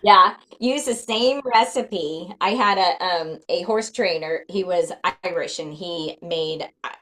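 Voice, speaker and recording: A woman talking as a guest in a casual interview, chatty and quick with frequent fillers. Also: lowish voice, fairly bright tone, rough recording. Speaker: guest, flour company founder.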